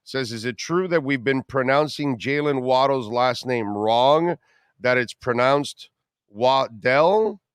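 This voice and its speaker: A man hosting a sports radio show, talking bluntly and swearing freely as he tells animated stories. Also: mid-range voice, a little slow, clean tone, dry recording. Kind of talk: casual sports talk.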